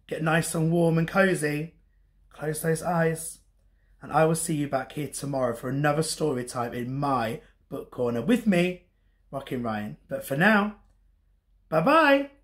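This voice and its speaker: Gentle, slow-paced man reading a bedtime story. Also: on the high side. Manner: warm, gentle and expressive. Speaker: teacher reading to children.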